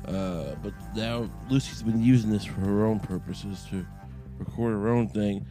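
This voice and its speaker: A man's voice: fairly low pitch, moderate pace, music in the background. A man hosting a solo podcast, talking in a crude, profane, rambling comic way, his voice a little cracky from the morning, recording in a small closet. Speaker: podcast host.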